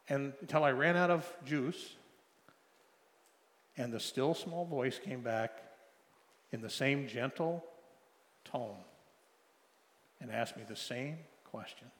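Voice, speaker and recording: A middle-aged man preaching a sermon, telling a personal story with emotional swings from loud pleading to soft hushed tones. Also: mid-range voice, animated, unhurried, long pauses. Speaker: pastor. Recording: long hall reverb.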